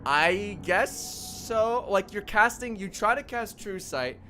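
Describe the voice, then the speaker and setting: A man's voice: high-pitched, expressive, slow, pushed and bright, a little hiss or hum. A man narrating as game master for a tabletop game, explaining rules and laughing often. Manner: rules-explaining, laughing, calls out auction bids.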